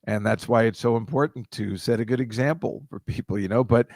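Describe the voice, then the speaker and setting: A man co-hosting a podcast, talking casually with blunt opinions and easy laughter. His voice is of average pitch for a man. It is recorded close and dry. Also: fairly quick, gravelly, darkish tone, no echo. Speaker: podcast co-host.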